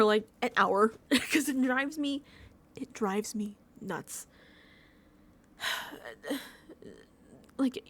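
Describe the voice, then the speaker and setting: A young woman hosting a casual review show, ranting animatedly with frequent laughs and swearing. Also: a little high. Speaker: podcast host reviewing a TV episode. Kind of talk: casual rant.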